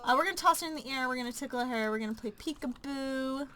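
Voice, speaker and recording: A woman's voice: high-pitched, fast talker, bright, forceful tone. A woman casually narrating her life-sim gameplay, chatty and full of ums and likes. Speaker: let's play narrator.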